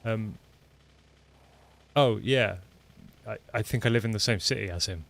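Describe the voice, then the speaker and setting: A man from England with a low, creaky voice and a mixed, mainly Lincolnshire accent talks at a measured pace while livestreaming a game. Using a desktop mic, he rambles loosely and self-deprecatingly, with plenty of ums and restarts.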